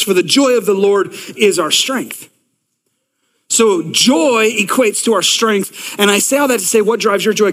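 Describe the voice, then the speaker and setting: A man in his thirties preaching a sermon to a congregation, energetic and conversational, often repeating words and restarting sentences. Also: high voice. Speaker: pastor. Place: large church hall with long reverb. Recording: long hall reverb.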